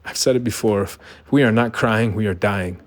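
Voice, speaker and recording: Speaking at a normal speed in a voice on the low side, this middle-aged man vlogs a personal monologue. He is earnest and emphatic, posing rhetorical questions as he goes.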